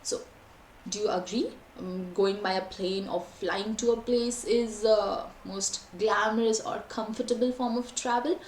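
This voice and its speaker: A young woman teaching an online exam-prep lesson, with lively, varied intonation and frequent fillers. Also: mid-range voice, measured pace. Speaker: IELTS teacher. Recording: echoey room, faint background noise.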